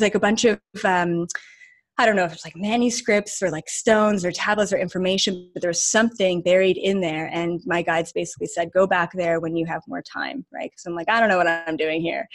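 A woman guest in an interview, telling stories in a chatty, animated way with many fillers. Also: medium pitch, no echo. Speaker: guest channeller. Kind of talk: casual interview chat.

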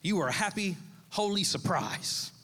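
A man's voice: high-pitched, expressive, moderate pace, a bit bright, long reverb tail. A man in his thirties, a pastor, preaching a sermon in a conversational, storytelling way, with asides to the congregation. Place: church sanctuary.

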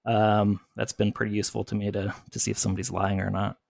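A man's voice: fairly low pitch, flat delivery, fast talker, creaky, darkish tone, dry recording. A man guest on a podcast, explaining in casual chat with many fillers.

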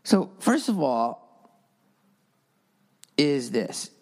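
A man's voice: medium pitch, big pitch swings, drawn-out words, vocal fry, darkish tone. A man hosting a solo podcast, rambling through stories with a sarcastic edge. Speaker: podcast host.

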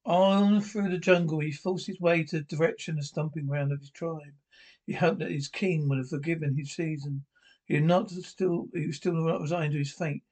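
A man with a somewhat high voice reads a classic adventure novel aloud. He stumbles and restarts words often, pressing on through the story in an unpolished, amateur narration. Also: a little mellow, poor audio. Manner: halting, frequent restarts and stumbles. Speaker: audiobook narrator.

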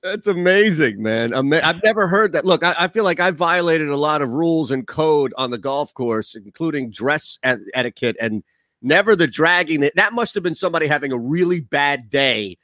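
A man's voice: fairly high pitch, lively intonation, moderate pace, sharp tone, no room sound. A man co-hosting a sports talk show, joking and teasing his guest in casual chat. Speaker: sports radio co-host.

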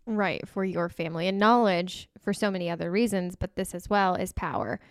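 A woman's voice: on the low side, brisk, smooth, no room sound, clean studio sound. A woman hosting a casual podcast conversation, telling candid personal stories. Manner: candid, storytelling. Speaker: podcast host.

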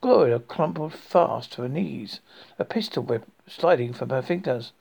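A man's voice: medium pitch, animated, a little slow, creaky, a little mellow, husky. A man hosting a horror podcast, reading a story aloud with frequent stumbles and restarts.

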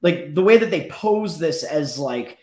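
A man's voice: fairly high pitch, expressive, unhurried, a little mellow, breathy edge. A man guesting on a podcast, joking crudely in casual banter.

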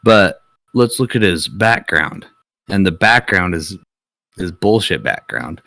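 A man's voice: sits low, big pitch swings, slow, creaky, sharp tone, dry recording. A young man co-hosting a podcast, talking in a blunt, profane, ranting way in casual chat. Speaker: podcast co-host.

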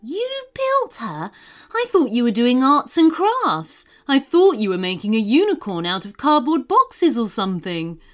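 A woman's voice: high-pitched, very animated, moderate pace. A woman voicing a busy, distracted mother in a children's story, fussing and flustered. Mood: astonished.

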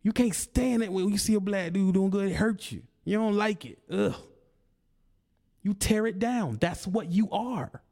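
A man's voice: mid-range voice, gravelly, a little mellow. A man, delivering a confrontational, preachy monologue aimed at a rival, taunting and repeating his points. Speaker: online commentator.

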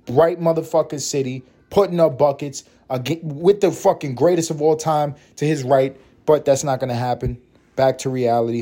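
A man hosting a solo podcast, ranting about basketball in a profane, opinionated, animated way. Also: medium pitch. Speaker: podcast host.

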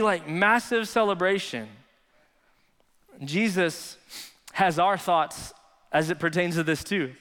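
A man's voice: high-pitched, a bit bright, big-room sound. A man preaching a sermon as pastor, telling stories in a casual, conversational way full of "like". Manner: conversational storytelling, frequent "like".

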